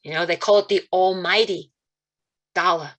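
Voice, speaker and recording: Woman guest on a video call, bright and animated storyteller, acts out quotes. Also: normal speed. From Italian-American, Calabrese roots. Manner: animated storytelling, quotes voices with big pitch jumps. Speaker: guest speaker. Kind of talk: spiritual talk on a video call.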